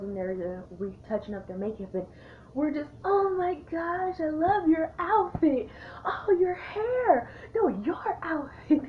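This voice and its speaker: A woman's voice: medium pitch, a little hiss or hum. Chatty young woman, tinny recording. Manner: chatty, animated, acts out quotes. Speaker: vlogger. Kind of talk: casual storytime. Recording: tinny lo-fi sound.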